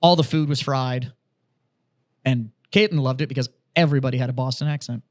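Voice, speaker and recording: A man co-hosting a podcast, telling stories in casual, profane, animated chat. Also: medium pitch, fairly quick. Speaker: podcast co-host.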